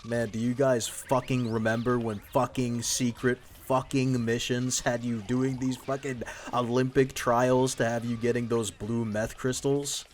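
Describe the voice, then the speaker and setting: A man's voice: mid-range voice, level tone, measured pace, few pauses, a little hiss or hum. A young man doing profane, joking gameplay commentary as a voice-over, laughing at his own gags. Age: young adult. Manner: crude, profane and irreverent. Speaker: video essay host.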